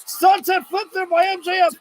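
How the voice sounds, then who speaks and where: A man with a very high voice calls a wrestling match live on his stream, excitable and quick to shout and curse when the action peaks. A faint hiss of noise sits under his voice. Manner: reacts loudly, swears, shouts at big moments. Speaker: livestream wrestling commentator. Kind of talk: excited play-by-play commentary.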